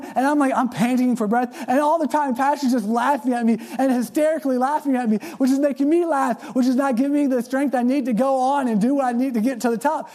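Man, middle-aged, preacher, high voice, sermon storytelling, repeats words, animated. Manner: animated, repeats words when starting sentences.

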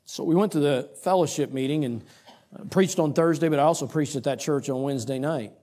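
A middle-aged man preaching, telling a story about himself in an animated, self-mocking way with quoted asides. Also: on the high side, a little fast. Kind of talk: storytelling sermon.

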